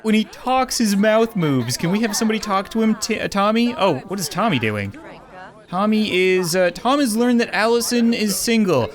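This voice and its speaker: Excitable young man, high-pitched gameplay commentary. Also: normal speed. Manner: excitable, laughing, bursts of high exclamations. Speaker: gaming YouTuber.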